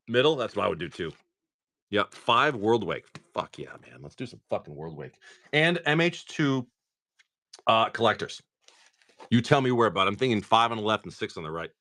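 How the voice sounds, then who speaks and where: A man talks loosely to his livestream chat as he opens card packs, often swearing and rattling off card names. His voice is bright and moves around a lot in pitch. The sound is dry and close, with no room echo. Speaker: livestream card-pack opener.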